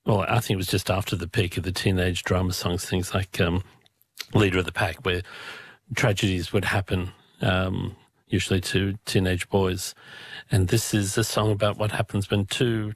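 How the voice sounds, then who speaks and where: A man co-hosting a radio show, explaining old songs in a measured, chatty way. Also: sits low, flat delivery, husky, no room sound. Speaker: radio co-host. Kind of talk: casual radio chat about music.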